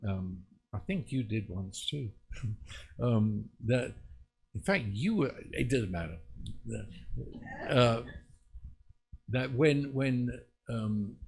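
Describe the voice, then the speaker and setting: A man preaching in an online Bible teaching, earnest and unhurried, rising into emphatic bursts. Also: mid-range voice, animated, a little mellow.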